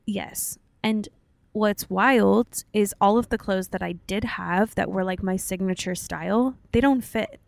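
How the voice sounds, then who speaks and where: A woman's voice: medium pitch, measured pace, gravelly, no echo. Chatty woman podcast co-host. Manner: chatty, candid, easygoing. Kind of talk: casual chat.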